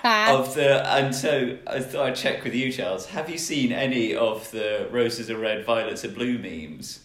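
A man's voice: mid-range voice, unhurried, a bit bright. A man, co-hosting a casual podcast chat in a playful, joking, rambling way. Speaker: podcast co-host. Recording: roomy echo.

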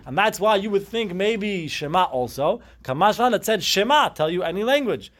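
A man's voice: high-pitched, expressive, normal speed, fairly bright tone. Man teaching a Talmud class. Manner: chanting Aramaic phrases then explaining them in English.

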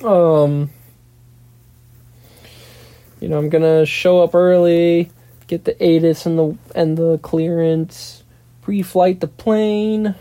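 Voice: medium pitch, fairly even intonation, slow pace, dark tone, no room sound. A young adult podcast host telling a long casual story alone, rambling and profane, with lots of "blah, blah, blah". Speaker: podcast host and pilot in training. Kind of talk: casual solo storytelling monologue.

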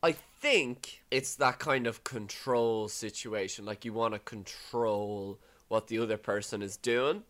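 A podcast co-host in casual, joking chat, swearing freely and drawing out deadpan punchlines. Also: medium pitch, a little slow, hardly any pauses.

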